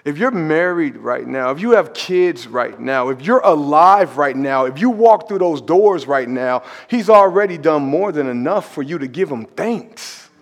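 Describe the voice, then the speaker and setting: A male pastor telling a story in a sermon, animated and conversational, sometimes dropping to a hushed emphasis. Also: fairly high pitch, a little slow, few pauses, in a large hall. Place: church sanctuary.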